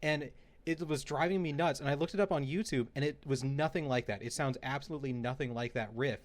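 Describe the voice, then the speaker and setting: A man's voice: mid-range voice, quick pace. A man co-hosting a podcast in casual chat, telling a story animatedly and laughing as he goes. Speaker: podcast co-host.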